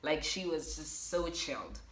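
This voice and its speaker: A young woman from Botswana telling a personal story to her viewers in an animated way, acting out what people said. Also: sits low, measured pace, roomy sound. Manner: animated, acts out quotes, addresses viewers as guys. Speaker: vlogger. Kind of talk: storytelling vlog.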